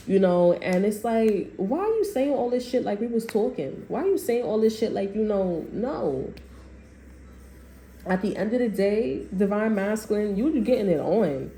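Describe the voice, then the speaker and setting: A woman's voice: on the low side, mellow. Rambling slangy woman tarot reader. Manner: loose, rambling slang-heavy talk, acting out quotes. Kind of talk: casual spoken tarot reading. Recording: echoey room with faint background noise.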